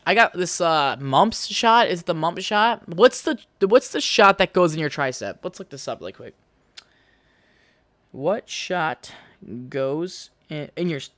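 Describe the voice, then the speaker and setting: Young male podcaster, crude rambling talk, smooth fairly high voice, dry close mic. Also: a bit bright, no echo. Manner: crude, rambling, swears freely. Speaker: podcast host. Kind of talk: casual solo podcast rambling.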